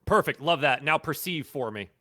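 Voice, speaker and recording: A man's voice: fairly high pitch, animated, moderate pace, sharp tone. A man running a tabletop game as game master, narrating upbeat and praising rolls.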